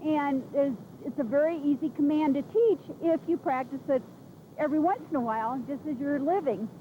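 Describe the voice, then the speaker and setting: Woman animal trainer, high voice, encouraging and repetitive, noisy outdoor VHS tape. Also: fairly quick, narrow, tinny audio. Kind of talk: instructional video coaching.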